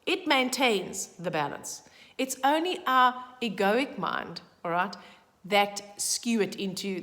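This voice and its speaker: Woman vlogger, casual emphatic forecast, ringing room, mid pitch. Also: measured pace, big-room sound. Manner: chatty, emphatic, animated with asides. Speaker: numerology vlogger. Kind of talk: casual daily forecast talk.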